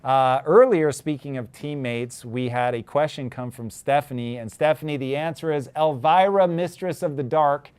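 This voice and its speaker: A man's voice: fairly high pitch, normal speed, few pauses, a little mellow, clean tone. A man in his forties hosting a casual livestream, talking candidly and reflectively about his marriage. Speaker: host.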